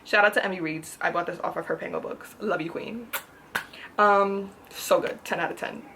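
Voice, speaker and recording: A woman's voice: fairly low pitch, steady tone, normal speed. A chatty woman book vlogger gushing over her favorites in a casual haul video. She repeats herself for emphasis and keeps the talk loose and personal. A faint hiss of noise sits under her voice.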